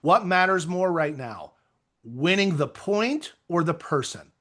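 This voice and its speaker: Energetic man giving a motivational talk. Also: fairly high pitch, unhurried. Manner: energetic, conversational, with self-deprecating asides. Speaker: real estate coach.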